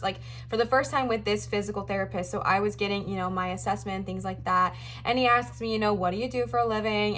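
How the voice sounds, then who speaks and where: A woman's voice: mid-range voice, fairly bright tone, a little hiss or hum. A young woman, a professional tarot reader, talking through a reading in a chatty, reassuring way and often repeating her phrases.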